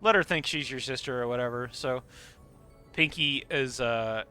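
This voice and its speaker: A man's voice: medium pitch, normal speed, pushed and bright, smooth, faint music behind. A man chatting casually on his live game stream, laughing often and swearing freely.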